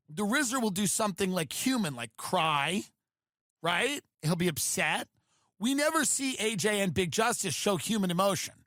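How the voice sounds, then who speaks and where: A man's voice: high voice, a bit bright, no room sound, clean studio sound. A man hosting a podcast, delivering a comedic monologue in a sardonic, ranting way with mocking asides. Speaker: podcast host.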